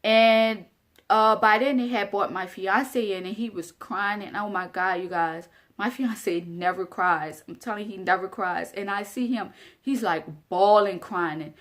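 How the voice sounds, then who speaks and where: A woman's voice: mid-range voice, a little slow. A young woman vlogger telling a personal story straight to her viewers in a casual, earnest way, often repeating phrases for emphasis.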